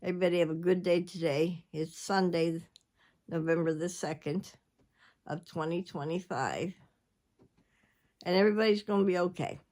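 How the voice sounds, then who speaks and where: A woman's voice: fairly low pitch, fairly even intonation, moderate pace, pauses often, darkish tone. An older woman, chatting casually to her viewers and jumping from one subject to the next. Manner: rambling, chatty, jumps between subjects. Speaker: vlogger. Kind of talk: casual chat.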